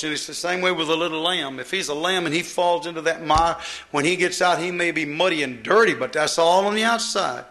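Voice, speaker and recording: A man's voice: on the high side, bright, forceful tone. A man preaching a sermon in a folksy, emphatic way, repeating phrases to drive them home.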